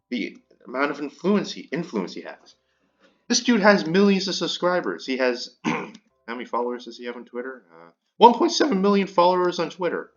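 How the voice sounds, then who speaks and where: A man's voice: fairly high pitch, a bit bright, muffled recording. A man delivering an indignant commentary rant, stumbling and repeating words as he vents. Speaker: commentary YouTuber. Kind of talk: ranting commentary.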